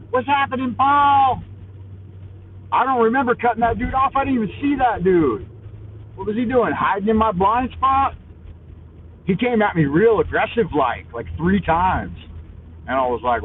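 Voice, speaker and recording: High-voiced guy cussing out traffic from his minivan, all wired on coffee, tinny phone-like sound with a bit of car hum. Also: lively intonation, normal speed. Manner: loud, crude, cursing, combative with other drivers. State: highly caffeinated. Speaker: vlogger, live-stream host. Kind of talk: profane driving rant on a live stream. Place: in a minivan while driving. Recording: tinny, phone-like with faint vehicle noise.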